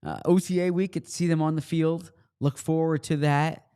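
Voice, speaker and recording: A man's voice: on the high side, fairly even intonation, moderate pace, warm tone, clean tone. A man with a slight Philadelphia accent co-hosting a sports podcast, talking casually and explaining things with frequent restarts. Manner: conversational, explains with repeats and restarts. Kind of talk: casual chat.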